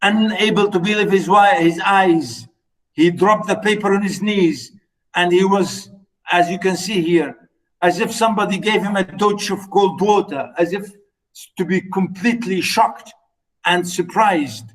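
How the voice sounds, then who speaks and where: A man lecturing on a short story: he reads a passage aloud, then explains it in his own words with many "you know"s, and now and then acts out the characters' lines in loud, high bursts. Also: measured pace, rough recording. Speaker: literature lecturer.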